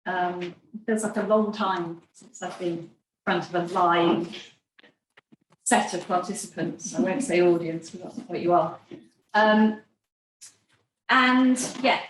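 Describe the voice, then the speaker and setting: A woman speaking to an audience in a room, talking slowly and carefully. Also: medium pitch. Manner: slow, careful reading. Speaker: speaker at a community event. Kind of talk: talk to a live and online audience. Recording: echoey room, mic from a distance, faint noise.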